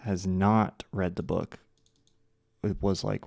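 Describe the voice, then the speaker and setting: A man with a low, gravelly, darkish voice speaks slowly and with little pitch movement, no echo. He's hosting a casual live stream while editing, chatting with viewers and muttering to himself, full of fillers and restarts.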